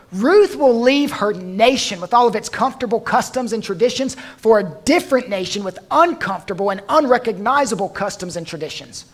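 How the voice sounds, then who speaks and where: Man preaching a slow, emphatic sermon. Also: high voice. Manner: slows down and drops softly for emphasis, with dry humor. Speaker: pastor.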